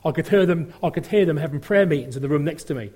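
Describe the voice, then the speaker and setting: A man's voice: a little high, fast talker, darkish tone, breathy edge. A middle-aged man giving a rambling personal testimony full of fillers, acting out the voices he quotes. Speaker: testimony speaker.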